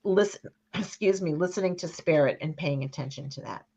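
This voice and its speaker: A woman with a Boston accent doing an intuitive card reading on a video call, speaking haltingly with many restarts. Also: deep voice, gravelly, dark tone, breathy edge, poor audio. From New England, near Boston. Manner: halting, restarts often, talks of spirit and intuition. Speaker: card reader and co-host. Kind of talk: live card reading chat.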